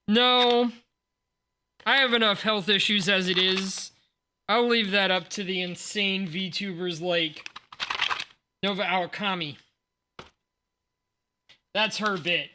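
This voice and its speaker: A man's voice: high voice, steady tone, measured pace, long pauses, bright, forceful tone, a little hiss or hum. A man in his forties with a sleepy morning voice, chatting casually and rambling aloud on a livestream while unboxing cards. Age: 40s. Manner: rambling, thinks aloud, jokes at himself. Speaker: streamer.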